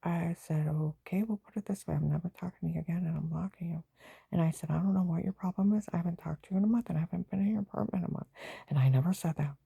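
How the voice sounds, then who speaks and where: Very gravelly, husky low-voiced woman. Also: fast talker, mellow, no echo. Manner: aggrieved, rambling, talks in bursts of anger. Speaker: vlogger. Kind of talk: rambling personal monologue.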